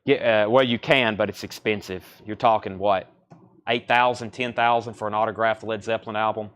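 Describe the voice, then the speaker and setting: Fast-talking man calling record auctions. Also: lowish voice, fairly even intonation, a bit bright, clean tone. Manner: fast, rambling, calls out bids and names. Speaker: live record sale host. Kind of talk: live-stream auction patter.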